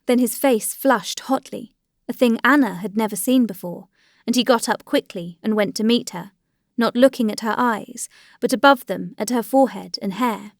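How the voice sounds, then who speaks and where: A woman narrating a classic novel in a steady, measured reading voice. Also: a little high, no room sound, clean studio sound. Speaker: audiobook narrator. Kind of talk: scripted narration.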